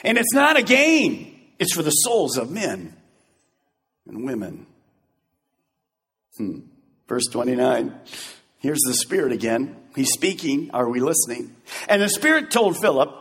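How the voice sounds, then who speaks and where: A male pastor preaching a sermon in an animated, joking manner, acting out scenes as he goes. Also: medium pitch, a little slow, long pauses, slightly rough, long reverb tail.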